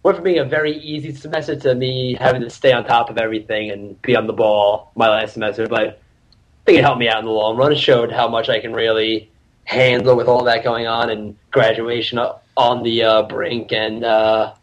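A man's voice: medium pitch, flat delivery, a little fast, muffled recording. A young man, a podcast guest, chatting casually and swearing as he tells a story with laughs. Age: young adult. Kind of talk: casual chat.

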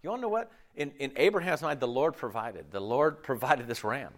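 A man preaching a sermon in an animated way, checking in with his listeners often. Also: medium pitch, a little fast. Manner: animated, acts out quoted voices, checks in with "right?" and "okay?".

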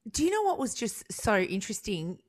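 A woman co-hosts a radio show with a playful, teasing tone. Her voice sits in a middle pitch and she trades quick jokes with her co-host. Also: sing-song. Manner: playful, joking banter. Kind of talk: community radio chat.

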